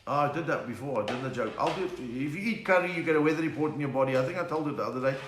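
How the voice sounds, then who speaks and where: Chatty South African comedian, echoey room. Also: male voice, medium pitch, animated, racing, a bit bright, a little hiss or hum. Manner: chatty, punning, reads out viewer names. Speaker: comedian hosting a live stream. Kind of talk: casual joke-telling live stream.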